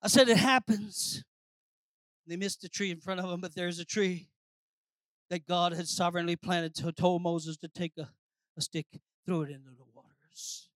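A preacher delivering a sermon, swinging between shouted declarations and low, quiet lines, calling out to the congregation. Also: little pitch movement, moderate pace, no echo. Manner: calls out to the congregation.

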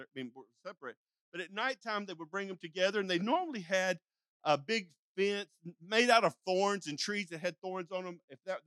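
A man's voice: high-pitched, pushed and bright, no room sound. An older man preaching a sermon in a folksy, rambling storytelling way, acting out calls and sheep sounds with frequent restarts and asides. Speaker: pastor.

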